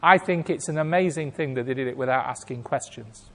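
A man preaching a sermon, telling a story with acted-out voices and big swings between loud and hushed. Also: medium pitch, fairly quick. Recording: long hall reverb.

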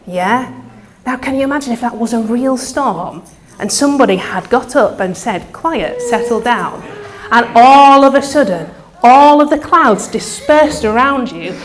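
Lively woman leading a children's church talk. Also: a little high. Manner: lively, coaxing, audience participation. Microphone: microphone.

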